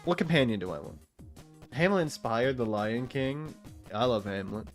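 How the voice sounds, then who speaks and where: A young man chats loosely as he plays, with a mid-pitched voice. He wanders from thought to thought, swears without care and laughs often. Soft music plays quietly underneath. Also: expressive, normal speed. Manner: rambling, profane, laughs often. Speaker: streamer. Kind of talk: casual gaming chat.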